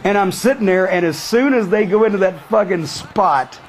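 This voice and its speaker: A man being interviewed who tells a story bluntly, with heavy swearing and animated retelling. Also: sits high, normal speed. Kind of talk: profane storytelling.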